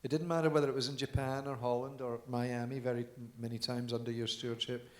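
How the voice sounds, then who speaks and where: A man's voice: medium pitch, little pitch movement, quick pace. A man being interviewed on stage at a live event, telling chatty anecdotes and laughing along. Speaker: guest dancer on stage. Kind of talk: storytelling at a live audience event. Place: large conference hall. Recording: echoey hall with stage mic.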